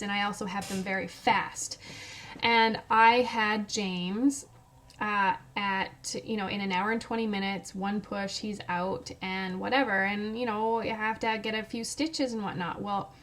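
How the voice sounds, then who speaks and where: A woman's voice: medium pitch, a bit bright. A woman in her thirties, a mother and salon owner, telling casual stories with lots of fillers. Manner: chatty, lots of "like" and "you know". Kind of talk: casual storytelling vlog.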